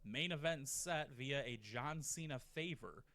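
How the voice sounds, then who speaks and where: A man narrating in a casual, profane, animated way, often slipping into mock quotes. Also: mid-range voice, measured pace. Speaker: narrator of a wrestling rebooking video. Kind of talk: casual scripted commentary.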